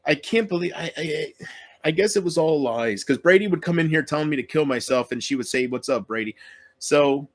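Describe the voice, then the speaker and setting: A man's voice: a little high, a little fast. Upset man ranting to his viewers. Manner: upset, pleading, profane, repeats himself. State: close to tears. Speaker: vlogger. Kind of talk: emotional rant to viewers.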